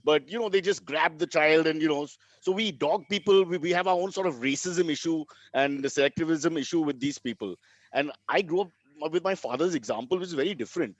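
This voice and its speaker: Man, Indian English accent, wry deadpan storyteller, slightly high voice, dull dry lo-fi sound. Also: brisk, no room sound. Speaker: comedian co-host. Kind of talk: comic storytelling.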